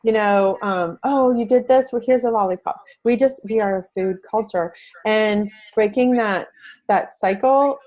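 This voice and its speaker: In this interview clip the parent advocate, a middle-aged woman, keeps a measured pace and a medium, slightly mellow voice. She remains earnest and talkative, with many restarts, though the audio quality is poor.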